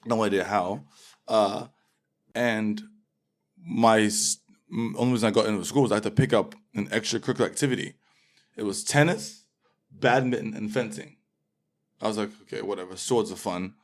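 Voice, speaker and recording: A man's voice: on the low side, fairly even intonation, moderate pace, long pauses. A man from England, the guest in a casual interview, talking in a laid-back, rambling way with lots of fillers.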